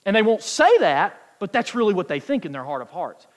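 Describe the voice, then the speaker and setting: A man preaching a sermon, emphatic and quoting scripture, stretching key words out slowly for weight. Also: high voice, big pitch swings. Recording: long hall reverb.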